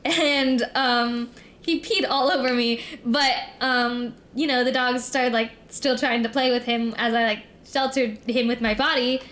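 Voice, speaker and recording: A woman's voice: fairly high pitch, fairly even intonation, measured pace, fairly bright tone. A young adult woman streamer telling a long rambling story in casual chat, full of "like" and "um". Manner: rambling, filler-heavy storytelling.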